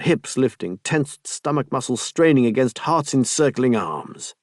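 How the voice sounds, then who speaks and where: A man reading an audiobook in an even, measured narration. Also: mid-range voice, no room sound, clean studio sound. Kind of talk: scripted narration.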